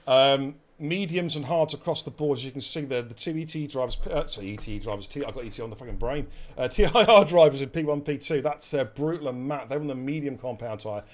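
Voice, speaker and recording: On a live esports racing stream, the male host speaks in a mid-range voice, fast and with few pauses. Energetic and jokey, he banters and swears freely as he calls the action.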